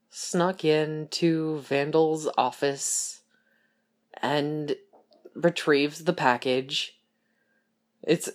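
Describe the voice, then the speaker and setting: A woman's voice: deep voice, darkish tone. A young woman chatting casually about a TV show, rambling and laughing as she acts out lines in little voices.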